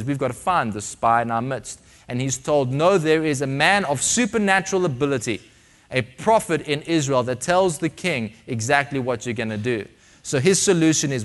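A man preaching a sermon, dramatic, swinging between loud emphasis and hushed, quiet passages. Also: on the high side.

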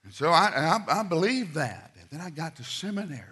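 A middle-aged man preaching a sermon, telling stories and swinging from loud, quick asides to hushed, slow lines. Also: on the high side, very animated, slightly rough.

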